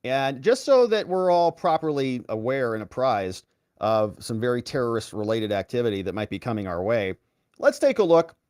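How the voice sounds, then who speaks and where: A man's voice: mid-range voice, a little mellow, dry recording, clean studio sound. A man hosting a political commentary show, reacting to clips with sarcasm and mocking put-on voices.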